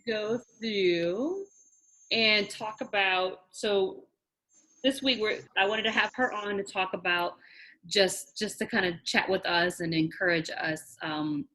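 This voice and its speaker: A woman's voice: medium pitch, measured pace, fairly bright tone. Chatty woman teaching an online class. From New York. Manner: chatty, laughs often, firm and direct. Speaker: wedding planning instructor.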